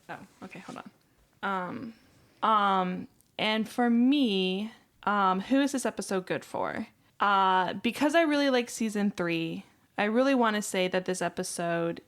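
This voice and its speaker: A woman with a gravelly, fry-laden voice chats on a podcast. She gets flustered and self-conscious and keeps restarting her thoughts. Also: mid-range voice. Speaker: podcast co-host. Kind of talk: casual chat.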